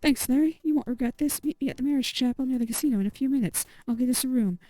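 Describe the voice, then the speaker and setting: A woman's voice: high-pitched, dark tone, dry recording, soft background music, pitched above the performer's own voice, natural voice, low-quality recording. Woman putting on a sugary Southern flirt. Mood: eager. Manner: sugary, coy, drawn-out.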